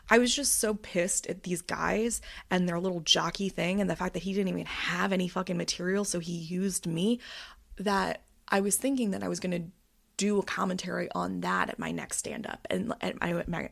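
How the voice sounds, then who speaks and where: A woman in her thirties talks through a personal update, her voice sitting low with a gravelly fry. She tells the story in a worked-up, frank way and swears freely. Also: steady tone, moderate pace. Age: 30s. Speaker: vlogger.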